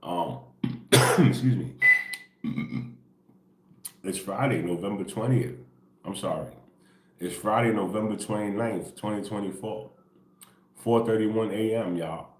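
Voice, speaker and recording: A man with a very deep, low voice talks in a relaxed, rambling way on an early-morning livestream. He keeps it quiet and casual, tacking "bro" and "right?" onto nearly every sentence, and the sound bounces around an echoey room. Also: unhurried, pauses often. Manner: laid-back, rambling, peppered with "bro" and "right?". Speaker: spiritual livestream host.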